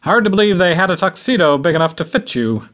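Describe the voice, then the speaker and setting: A man's voice: high-pitched, expressive, fast, fairly bright tone, voice pushed up. A man playing a stern starship captain father. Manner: stern, gruff.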